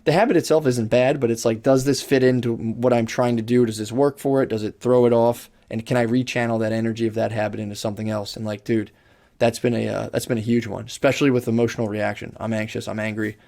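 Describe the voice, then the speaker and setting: In a podcast studio, a young male co-host rambles through long, loose explanations, often restarting sentences and swearing casually. His ordinary mid-level pitch barely moves, and he talks fast with vocal fry and a dark tone.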